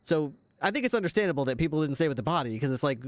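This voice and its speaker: A roleplayer playing an officer, explaining the situation quickly and argumentatively. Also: medium pitch, animated, no room sound. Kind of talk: in-character roleplay discussion.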